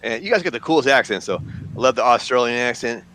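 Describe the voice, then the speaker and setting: A man's voice: mid-range voice, animated, fast, fairly bright tone. Chatty man hosting. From United States. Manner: chatty, laughing, rambling with fillers. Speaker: host. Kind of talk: casual chat on a live group stream.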